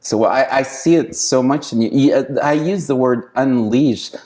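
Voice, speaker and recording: A man's voice: mid-range voice, a little slow, darkish tone. A man from Haiti, a guest in a conversational interview, talking earnestly and encouragingly with frequent restarts and repeated words.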